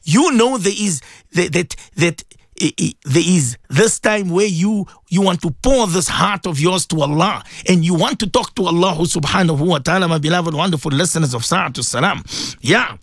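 A man's voice: high-pitched, animated, normal speed, a bit bright, no echo, clean studio sound. A middle-aged man, chatting casually on morning radio and reading out listener messages, with many fillers and repeats. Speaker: radio presenter.

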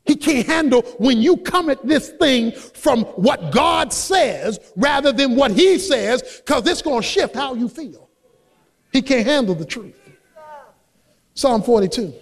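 A man, a pastor, delivering an emphatic sermon that swings between soft asides and shouted high points. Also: expressive, measured pace, creaky, long reverb tail.

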